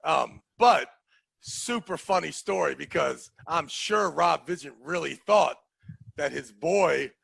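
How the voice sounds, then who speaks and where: A man with a high, gravelly, bright voice tells a story in casual chat. He talks in an animated way and acts out the people in his story. The voice is a little husky and the room is dry. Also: slow, dry recording. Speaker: podcast host telling a story.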